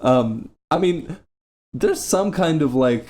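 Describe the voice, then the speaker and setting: A man's voice: a little high, lively intonation, slow pace, a little mellow. A young man hosting a casual podcast chat, joking crudely and swearing often. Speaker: podcast host.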